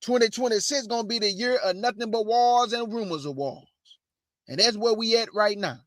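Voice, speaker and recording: Guy preaching prophecy, kinda high voice, answers his own questions, dry close sound. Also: normal speed, a bit bright, no echo. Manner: preachy, calls audience family, answers imagined questions. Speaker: online preacher, show host. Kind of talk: street-style sermon on prophecy.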